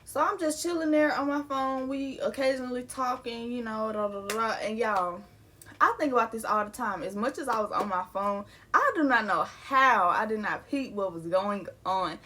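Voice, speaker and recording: A woman's voice: a little high, moderate pace, bright, forceful tone, a little hiss or hum. A young adult woman telling a personal story in a casual, candid way, full of slang and swearing. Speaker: vlogger.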